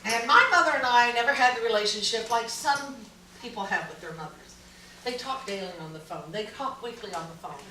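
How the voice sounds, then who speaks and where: A middle-aged woman comedian telling stand-up stories in an animated way, breaking into loud yelling impressions. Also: fairly high pitch, brisk, a little hiss or hum. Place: small live music venue. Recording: echoey room from far off, audience laughter.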